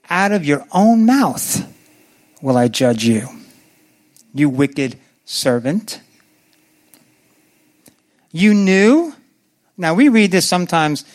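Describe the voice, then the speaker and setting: Male preacher, high-pitched, lively sermon delivery, puts on voices for scripture. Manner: animated, acts out biblical voices with swings in pitch; asks the congregation questions.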